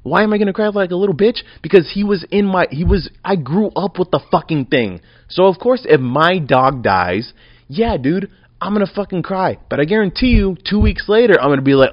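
A young man hosting his own podcast, rambling and swearing in a casual rant that swings from mumbles to loud outbursts. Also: a little high, very animated, moderate pace, dry recording, muffled recording. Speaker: podcast host.

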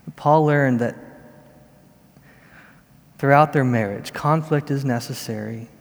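A man in his thirties delivering a sermon as a pastor, in an earnest, measured storytelling manner. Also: mid-range voice, vocal fry. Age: 30s. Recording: long reverb of a large hall.

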